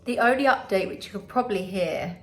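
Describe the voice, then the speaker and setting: A young woman from the UK talks into her phone camera at home, her nose clearly congested and blocked. She rambles in a casual, chatty way, full of fillers and little asides. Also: medium pitch, brisk. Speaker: vlogger. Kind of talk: casual recovery vlog.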